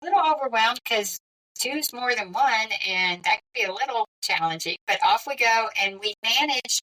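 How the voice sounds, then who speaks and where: A middle-aged woman, a podcast guest, telling a personal story in a lively, conversational way. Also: a little high, normal speed, far from the mic, rough recording. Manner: lively, conversational, with frequent quoted dialogue.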